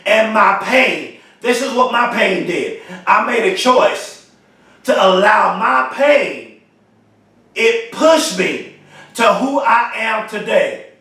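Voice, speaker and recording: A man giving a motivational speech, emphatic and repetitive, stretching key phrases slowly for emphasis. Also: sits high, lively intonation, pushed and bright. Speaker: motivational speaker. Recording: very echoey room, mic far off.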